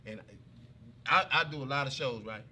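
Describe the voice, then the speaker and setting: Hyped up guy hosting a talk show, bright voice, faint hiss behind. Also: medium pitch, normal speed. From Houston. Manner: lively, hyped-up and affectionate. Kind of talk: casual chat.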